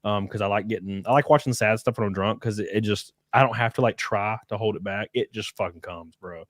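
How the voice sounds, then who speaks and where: A man's voice: on the low side, a little fast, dry recording. Rambling young man hosting a stream. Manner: rambling, many fillers and restarts, swears freely. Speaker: streamer host reading chat. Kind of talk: casual livestream chat.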